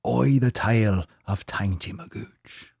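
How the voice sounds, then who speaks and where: A man voicing an old male pirate storyteller in a pub, with a put-on Irish pirate accent and a gruff, slow, yarn-spinning manner. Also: on the low side, darkish tone, no room sound, clean studio sound, exaggerated voice.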